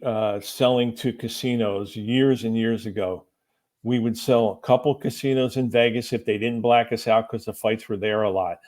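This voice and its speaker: A man, a company president, telling a lively business anecdote as a podcast guest, acting out the people he quotes. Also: medium pitch. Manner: animated anecdote-telling, acts out quoted voices. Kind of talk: storytelling interview answer.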